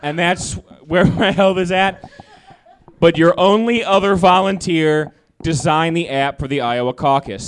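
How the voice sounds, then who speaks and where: A man with a high voice performs stand-up comedy, animated and self-deprecating as he works through his jokes. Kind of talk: stand-up set.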